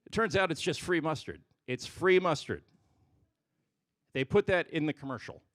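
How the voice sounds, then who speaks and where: A man doing a stand-up comedy set on a stage microphone, jumping between loud punchlines and muttered asides. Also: on the high side, lively intonation, moderate pace.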